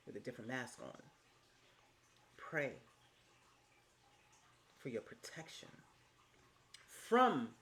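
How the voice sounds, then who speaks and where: A female vlogger hands out laid-back, motivational life advice, repeating herself with emphasis and tossing in curse words and terms of endearment. Her voice swings between low, hushed moments and high, loud ones.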